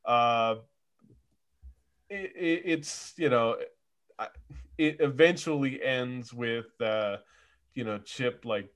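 A man's voice: medium pitch, takes it slowly, long pauses, fairly bright tone. A man co-hosting a podcast, chatting about movies in a rambling way with many restarts. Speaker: podcast co-host. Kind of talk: casual movie chat.

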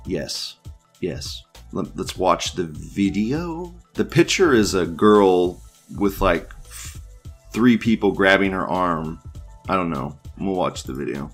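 Hosting an online news show, a man with a low-pitched, lively voice casually reads forum posts aloud and riffs on them crudely and ramblingly. He's unhurried, laughs often and restarts his sentences, with soft music in the background.

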